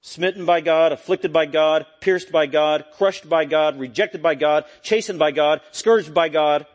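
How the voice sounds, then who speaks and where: A man preaching an expository sermon, emphatic and repetitive, swinging from loud peaks to quiet low lines. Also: unhurried. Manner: repetitive, stressing key phrases.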